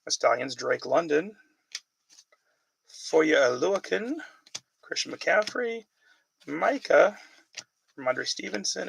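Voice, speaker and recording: Gravelly man chatting through a card break. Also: a little high, animated, takes it slowly, pauses often, a bit bright, slight background noise, poor audio. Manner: chatty, calls out player names while reading questions from viewers. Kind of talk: casual live card-break chat.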